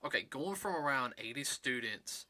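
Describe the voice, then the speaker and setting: Earnest man with a very bright voice. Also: medium pitch, lively intonation. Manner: rambling, earnest, halting with restarts. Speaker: host. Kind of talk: casual chat.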